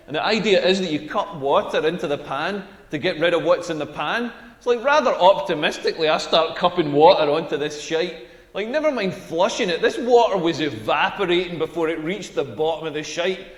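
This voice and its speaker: A man's voice: high voice, lively intonation, a little fast. A young man with a Scottish accent playing a crude stand-up comedian who rambles through stories in a comedy routine. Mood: rambling. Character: crude young male comedian bombing on stage. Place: comedy stage in a hall. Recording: echoey hall.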